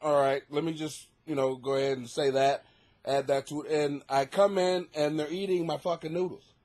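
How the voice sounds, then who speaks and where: A man's voice: fairly high pitch, steady tone, moderate pace, darkish tone. A man hosting a comedy podcast from his basement, telling stories in a loose, profane, storytelling way. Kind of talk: casual comedic monologue. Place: home basement.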